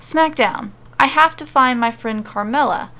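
A woman voicing an excitable, scatterbrained male wrestler hero who talks eagerly in a goofy way. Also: high voice, measured pace. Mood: breezy.

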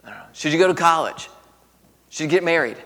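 A man's voice: on the high side, quick pace, sharp tone. A man leading an interactive Bible lesson for a class. He talks in a chatty way, asks many questions, laughs often and uses lots of fillers. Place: large room with a piano. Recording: echoey hall.

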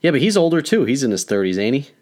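A man's voice: mid-range voice, sing-song, very fast, darkish tone. Laid-back young man talking sports. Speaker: podcast co-host. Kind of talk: casual sports chat.

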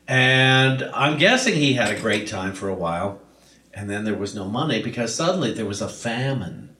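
A man's voice: mid-range voice, fairly bright tone. Man preaching with emphatic repetition. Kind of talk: sermon. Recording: roomy echo.

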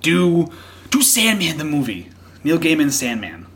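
Excitable rambling man, faint hiss. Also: fairly high pitch, a little slow. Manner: excited, rambling, laughs often, trails off. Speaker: podcast co-host. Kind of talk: casual chat about comics.

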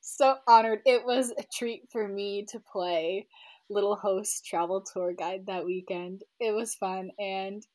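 A woman's voice: medium pitch, steady tone, a little slow, darkish tone. A woman hosting a book club podcast, chatting enthusiastically and often trailing off. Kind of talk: casual chat.

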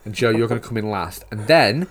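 Rambling Yorkshire man, low voice. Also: expressive, fairly quick. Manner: rambling, many "like" fillers, teasing. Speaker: podcast host. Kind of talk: casual podcast chat.

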